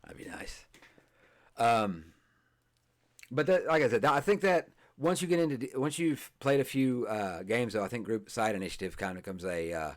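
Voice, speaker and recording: A man hosting a tabletop game podcast, chatting casually and reading game rules aloud, halting often, restarting phrases and filling pauses. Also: medium pitch, animated. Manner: halting, many fillers and restarts, stumbles over words. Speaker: podcast host. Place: streamed podcast setup.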